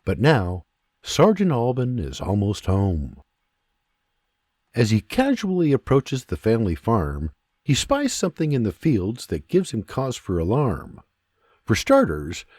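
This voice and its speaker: A man narrating a historical audiobook in an unhurried, expressive storytelling manner. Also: medium pitch, breathy edge, dry recording, studio quality.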